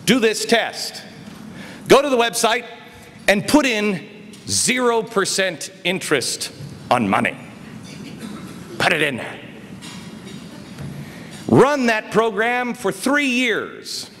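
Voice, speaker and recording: A man gives an emphatic political speech from a stage. His voice sits high and swings widely in pitch, dropping low and then rising loud. The hall adds a long reverb with faint noise underneath. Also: very animated, takes it slowly, pauses often. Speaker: speaker. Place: conference hall.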